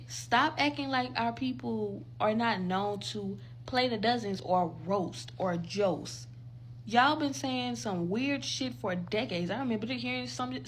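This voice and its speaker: A woman's voice: a little high, a little hiss or hum, low-quality recording. A woman from the United States, delivering a heated, profane social media rant. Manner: profane, emphatic, repetitive. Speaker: commentator.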